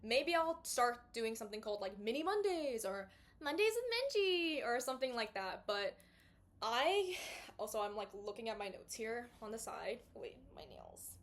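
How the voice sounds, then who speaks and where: A woman's voice: on the high side, animated, moderate pace, hardly any pauses. A woman in her twenties hosting a podcast from her bedroom, chatting casually with lots of fillers and side tangents on a small mic. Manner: chatty, rambling, full of fillers and asides. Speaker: podcast host. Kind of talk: casual talking-to-camera chat. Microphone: small clip-on mic.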